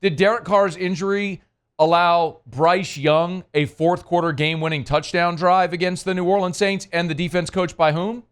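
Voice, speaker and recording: Male sports host, high-pitched, sarcastic and incredulous, rhetorical. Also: fairly even intonation, normal speed, smooth. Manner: mocking, incredulous, rhetorical questions. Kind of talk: sarcastic sports talk commentary.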